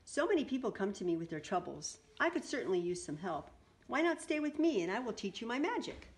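A woman voicing a wise, gentle old witch in a storybook, speaking in a calm, instructive way. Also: fairly high pitch, brisk. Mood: kind.

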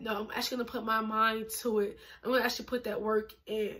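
A woman's voice: fairly high pitch, level tone, fairly quick, few pauses, bright, forceful tone. Chatty twenty-year-old woman vlogger. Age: 20s. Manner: chatty, emphatic, uses lots of fillers and laughs. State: out of breath, pregnant. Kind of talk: casual chat to camera.

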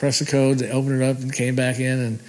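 A man's voice: medium pitch, flat delivery, fast, darkish tone. A man telling a rambling personal story in a casual way, chuckling now and then. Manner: rambling, laughing, restarts. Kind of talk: casual spoken recollection.

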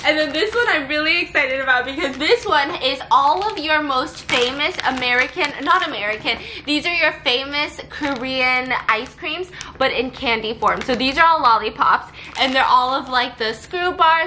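Excitable high-voiced woman vlogger. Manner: excitable, exclamatory, swears casually. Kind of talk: casual vlog chat. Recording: echoey room with background noise.

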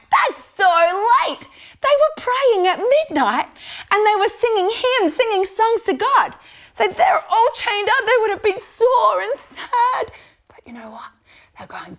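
An Australian woman leading a lively preschool church lesson, asking the children questions and drawing out her words. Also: extremely high pitch, measured pace. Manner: animated, exaggerated, asking kids questions.

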